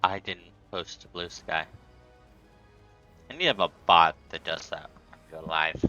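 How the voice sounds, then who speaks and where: A man's voice: sits low, expressive, a little slow, sharp tone, dull audio, faint music behind. A man streaming a game live, playfully taunting enemies and chatting to viewers. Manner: playful, talks to enemies and chat.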